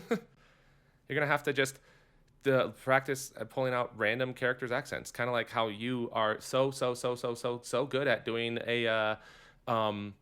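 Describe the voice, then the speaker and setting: A man co-hosting a podcast in casual chat, animated and quick to laugh, often restarting sentences. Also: medium pitch, clean tone. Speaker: podcast co-host.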